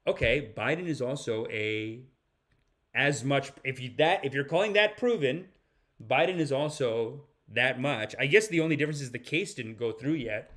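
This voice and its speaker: A man's voice: medium pitch, moderate pace, a bit bright. A man hosting a live-stream podcast, reacting to videos and chat comments in a rambling way with frequent restarts. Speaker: podcast host.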